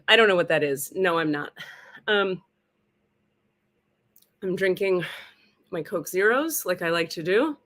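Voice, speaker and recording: A woman from California hosts her own live stream from a rented room, chattering loosely and joking at her own expense. She swears freely and keeps her talk playful and unscripted, in a voice of ordinary middle pitch. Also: a bit bright. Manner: chatty, profane, self-mocking, playful. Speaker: livestream spiritual host. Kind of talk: casual livestream chat. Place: rented home indoors.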